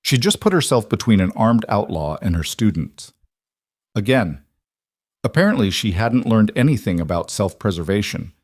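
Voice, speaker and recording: A male narrator reading a dramatic scripted story in a measured way. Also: lowish voice, very animated, darkish tone, no echo, clean studio sound.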